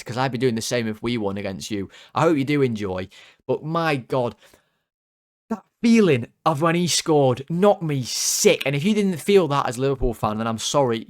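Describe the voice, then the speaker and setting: A man ranting heatedly as he rates his team's players after a loss, swearing and exasperated. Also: mid-range voice. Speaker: football fan channel host. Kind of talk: angry ranting player ratings.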